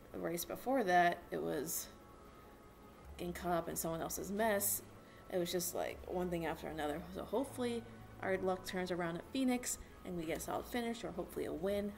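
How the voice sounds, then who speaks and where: A young woman vlogging at home, rambling excitedly with lots of fillers as she talks about racing. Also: lowish voice, vocal fry, slight background noise. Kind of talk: casual chat to camera. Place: at home with a dog.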